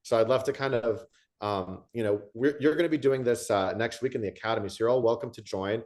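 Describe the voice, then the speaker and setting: A man's voice: medium pitch, fast, a little mellow. A man hosting an interview, talking enthusiastically about his own experiences, with frequent restarts as he gathers his thoughts. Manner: enthusiastic, storytelling, many restarts. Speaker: host. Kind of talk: conversational interview.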